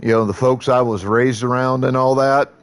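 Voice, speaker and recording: A man's voice: medium pitch, fairly even intonation, moderate pace, smooth. A Midwestern man with a Southern American accent, a streamer chatting casually, blunt and profane, rambling with restarts. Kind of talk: casual live-stream chat.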